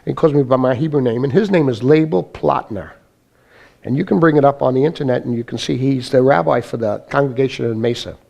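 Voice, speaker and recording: A man's voice: medium pitch, brisk, vocal fry, darkish tone. A man giving an informal spoken testimony to a church congregation, rambling and full of "you know" as he tells his story. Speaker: guest speaker sharing his testimony. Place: church meeting.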